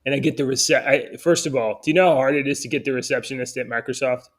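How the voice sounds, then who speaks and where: A man's voice: medium pitch, quick pace. A man co-hosting a casual chat show, rambling and complaining in an exasperated way. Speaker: podcast co-host.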